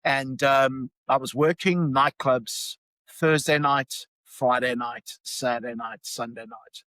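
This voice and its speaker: A man's voice: medium pitch, fairly even intonation, slow pace, a bit bright, no room sound, low-quality recording. A middle-aged man from South Africa, a podcast guest, telling a personal story with many fillers and restarts. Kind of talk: storytelling in conversation.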